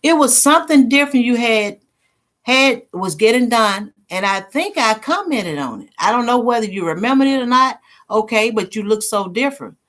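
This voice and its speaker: A woman's voice: on the high side, expressive, moderate pace, fairly bright tone. Middle-aged woman with a drawl, hosting a loose, chatty livestream for her viewers. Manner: chatty, laughs easily, reads comments aloud. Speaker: livestream host. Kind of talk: casual live chat with viewers.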